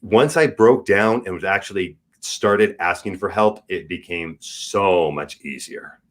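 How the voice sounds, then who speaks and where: Forties guy on a podcast, low voice, real candid and earnest. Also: unhurried. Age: 40s. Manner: earnest, candid, advice-giving. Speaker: podcast guest. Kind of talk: casual chat.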